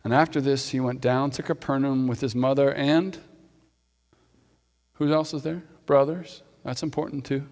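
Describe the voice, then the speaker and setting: A man's voice: medium pitch, steady tone, moderate pace, darkish tone. Playful pastor, man, echoing sanctuary. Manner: conversational, playful asides to the congregation. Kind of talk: sermon. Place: church sanctuary. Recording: long hall reverb.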